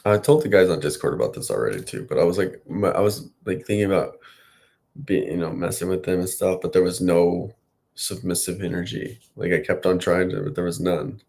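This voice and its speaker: A man in his late thirties chats to the camera in a loose, wandering way and cheers himself on as he goes. His voice sits a little low and has a gravelly, fry-heavy edge. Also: fairly quick, a little mellow. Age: late 30s. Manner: chatty, self-encouraging, wandering. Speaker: vlogger. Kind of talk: casual rambling self-talk.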